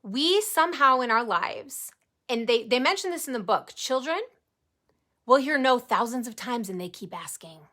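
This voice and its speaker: Energetic bright-voiced woman in her forties. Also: on the high side, moderate pace. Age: 40s. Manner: energetic, chatty, talks to viewers directly. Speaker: network marketing team leader. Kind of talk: live motivational team training.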